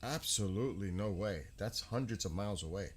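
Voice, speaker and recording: A man's voice: on the low side, brisk, breathy edge. A man with a New York accent hosting a casual night-sky livestream outdoors, chatting with viewers and answering them by name. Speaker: livestream host. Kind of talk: casual live-chat skywatching stream. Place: outdoors at night, dark rural area.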